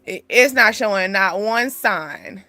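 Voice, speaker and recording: A young woman hosting a casual spiritual reading, chatty and animated, laughing often. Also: mid-range voice, takes it slowly, dry recording. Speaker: spiritual channel host giving a reading.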